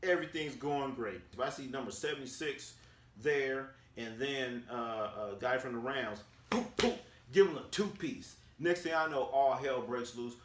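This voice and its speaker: Guy from oakland recapping practice, lively slangy story, sounds roomy and kinda far off mic. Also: medium pitch, moderate pace, a little hiss or hum. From Oakland, California, USA. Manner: animated, acts out quotes with slang. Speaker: sports vlogger.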